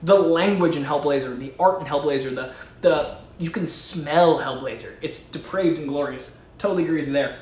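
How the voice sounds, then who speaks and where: Excited guy on a live stream, bit higher voice, echoey room, reads out viewer comments. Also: moderate pace. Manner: enthusiastic, reads viewer messages aloud. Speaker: host. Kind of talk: casual live-stream chat. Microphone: studio mic.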